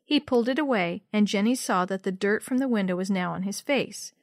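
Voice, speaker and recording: A woman narrating a children's story in a steady, clear read-aloud style. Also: medium pitch, fairly quick, no room sound, clean studio sound.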